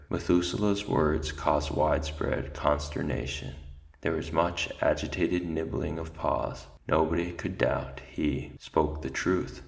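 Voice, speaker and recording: A man reading a novel aloud in a measured storytelling manner. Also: extremely low pitch, gravelly. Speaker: reader. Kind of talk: audiobook narration.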